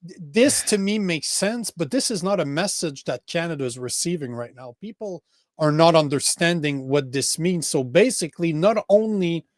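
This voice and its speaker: A man's voice: a little high, dry recording, clean studio sound. A man with a French accent hosting a casual political podcast, heated and full of restarts. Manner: heated, swears, many restarts. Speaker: podcast host.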